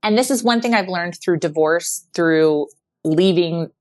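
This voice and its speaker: A woman's voice: lowish voice, a little slow, no echo. A middle-aged woman speaking as a podcast guest, telling personal stories candidly and with animation, full of "like"s. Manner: candid, animated storytelling with many "like"s. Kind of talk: personal conversation.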